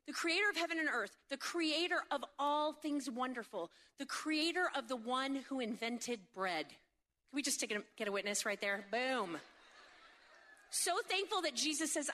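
A woman delivering a humorous sermon in a high, bright voice, animated and jokey, full of quick asides. She keeps checking in with the crowd through rhetorical questions. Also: a little hiss or hum. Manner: seeks agreement with frequent rhetorical questions. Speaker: speaker at a faith event.

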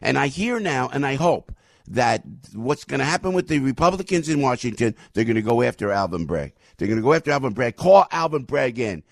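A man hosting a talk show, giving fired-up political commentary, ranting, repeating himself and bursting into shouts. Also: mid-range voice, sing-song, fairly quick, vocal fry, no echo, studio quality.

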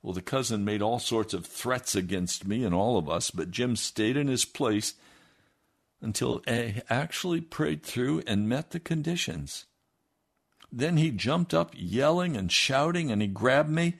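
A man reading a first-person memoir aloud in a steady storytelling manner. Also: mid-range voice, unhurried, creaky, breathy edge. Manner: steady storytelling with lively acted quotes. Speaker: reader.

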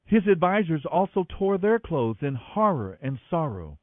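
Expressive man reading scripture aloud. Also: a little high, normal speed, no echo. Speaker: Bible reader, podcast host. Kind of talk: scripted Bible narration. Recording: tinny phone-like audio, dry.

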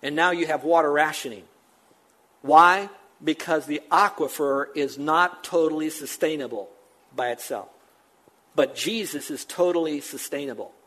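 An older male pastor delivering a sermon. His voice sits a little high for a man. He hammers his points with quick runs of repeated words and then falls to a near hush. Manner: emphatic, with fast repeated phrases and sudden drops to a hush.

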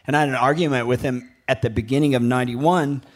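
A man in his fifties tells rambling stories in casual talk, swearing freely and breaking into laughter. His pitch sits in an everyday middle range, and he often restarts his sentences. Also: fairly even intonation, fast talker. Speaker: guest, former pro surfer. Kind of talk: casual storytelling.

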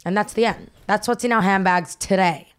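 A woman's voice: medium pitch, brisk, smooth. A young Australian woman co-hosting a podcast, chatting loosely and poking fun at herself. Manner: loose, self-mocking, swears casually. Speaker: podcast co-host. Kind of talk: casual chat.

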